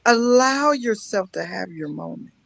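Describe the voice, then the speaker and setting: A woman guest on a live-streamed talk show, telling lively personal stories with frequent laughter and mock-scolding asides. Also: medium pitch, a little slow, creaky, no echo, low-quality recording. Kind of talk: emotional casual talk-show chat.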